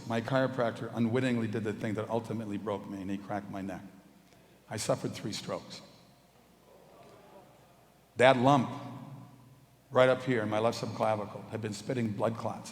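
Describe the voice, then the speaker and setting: A man telling his personal testimony to a crowd as a guest speaker, storytelling with jokes and acted-out quotes. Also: lowish voice. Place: large auditorium. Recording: echoey auditorium hall.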